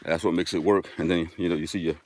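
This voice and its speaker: A man's voice: low-pitched, fairly even intonation, fast, darkish tone. A man hosting a casual live stream outdoors, chatting upbeat and directly to his viewers while walking a dirt road.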